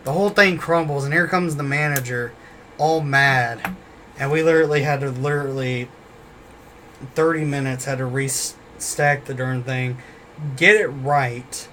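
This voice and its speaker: A man's voice: mid-range voice, steady tone, a little slow, pushed and bright, a little hiss or hum. A man telling a casual story about a former job, rambling and swearing often, repeating himself as he goes. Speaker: former store worker.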